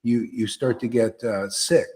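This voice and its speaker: Man, devotional teacher, emphatic, repetitive, mid pitch. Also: steady tone, unhurried, darkish tone. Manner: repetitive, emphatic, asks listeners "see?". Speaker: spiritual teacher leading satsang.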